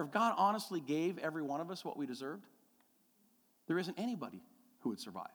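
A man's voice: medium pitch, in a large hall. A middle-aged man preaching a sermon as a pastor, telling a personal story and building to emphatic, repeated declarations.

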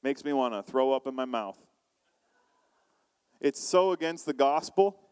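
A man preaching a sermon as pastor, animated, acting out quoted voices and asking the congregation questions. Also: medium pitch, unhurried, clear, resonant tone, in a large hall.

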